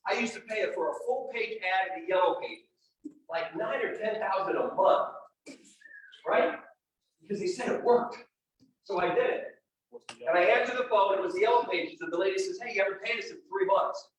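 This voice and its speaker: A man's voice: sits high, normal speed, pauses often. A middle-aged man at a real estate event, telling a personal story and speaking straight to a live audience. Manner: animated and personal, addresses the crowd directly. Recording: very echoey room, distant mic, faint noise.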